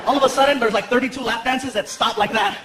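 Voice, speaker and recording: A man from Los Angeles telling stories on stage in an animated stand-up set, acting out voices. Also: extremely high pitch, fast, a loud crowd, very noisy. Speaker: stand-up comedian. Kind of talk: stand-up comedy storytelling. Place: large comedy theater. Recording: roomy hall, loud audience laughter.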